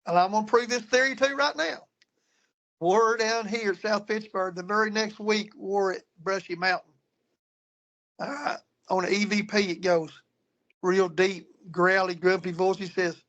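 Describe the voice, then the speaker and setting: A man's voice: high voice, steady tone, normal speed, fairly bright tone, highs cut off. A man telling ghost-hunting stories in casual talk, rambling and repeating himself as he goes. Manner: rambling, repeats words and restarts. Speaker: guest paranormal investigator. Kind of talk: casual storytelling.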